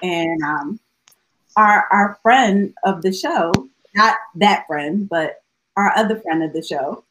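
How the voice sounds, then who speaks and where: A woman's voice: mid-range voice, lively intonation, slow, a bit bright, a little hiss or hum, rough recording. A woman co-hosting a podcast in casual chat, often laughing as she talks. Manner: laughs a lot while talking. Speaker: podcast co-host.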